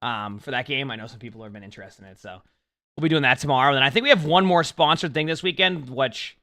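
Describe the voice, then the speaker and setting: A man's voice: medium pitch, fast talker, pushed and bright. A young man streaming, chatting casually with viewers in a rambling way full of restarts. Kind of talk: casual livestream chat.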